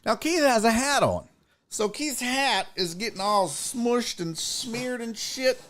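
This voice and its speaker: A man's voice: extremely high pitch, expressive, slow pace, a bit bright. A man hosting a sports talk show, telling a story in a casual, profane way and laughing often.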